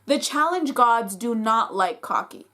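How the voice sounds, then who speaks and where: A woman with a fairly high voice talks through a reality competition episode as a vlogger. She is casual and opinionated, and she gets fired up and says "like" often. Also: animated, unhurried, pushed and bright.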